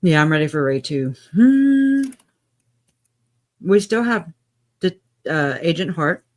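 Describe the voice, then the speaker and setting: A man's voice: on the high side, expressive, slow pace. A man hosting a casual live stream, chatting with a chuckle while he eats.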